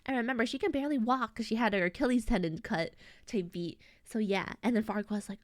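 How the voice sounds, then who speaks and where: A woman's voice: a little high, fast talker, no echo, studio quality. Rambling, slangy young woman streamer. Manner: rambling, slangy, many fillers and restarts. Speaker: VTuber streamer. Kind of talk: casual chat recapping a story.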